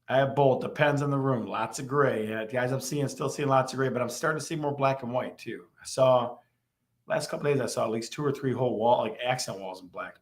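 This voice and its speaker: A man's voice: medium pitch, brisk. Teasing male live-stream host. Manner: teasing, animated, repeats questions to the chat. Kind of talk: live stream chat with viewers.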